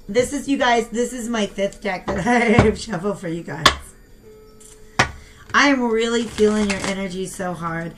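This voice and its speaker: A young woman giving a casual tarot reading and talking straight to her viewers in a chatty, animated way. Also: medium pitch, normal speed, loud music behind the voice. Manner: chatty and animated, talks to viewers as "you guys". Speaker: tarot reader.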